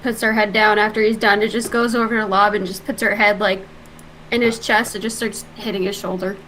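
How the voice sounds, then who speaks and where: A woman playing a tabletop game, describing her character's actions in an animated way with lots of filler words. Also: medium pitch, brisk, slight background noise, low-quality recording. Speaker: player. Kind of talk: casual tabletop game talk.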